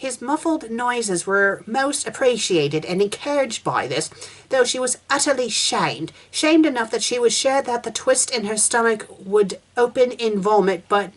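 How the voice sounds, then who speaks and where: Woman reading fanfic out loud, lively swoopy voice, snarky asides. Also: a little high, a little slow. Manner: sarcastic, exasperated interjections. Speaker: fan fiction reviewer. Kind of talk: reading fan fiction aloud with commentary.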